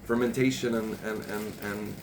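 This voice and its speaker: A man's voice: fairly low pitch, steady tone, normal speed. Passionate man raising his voice. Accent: Jewish Orthodox Hebrew and Yiddish terms. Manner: passionate, raises his voice, repeats himself. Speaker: podcast host. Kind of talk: casual chat. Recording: faint background noise.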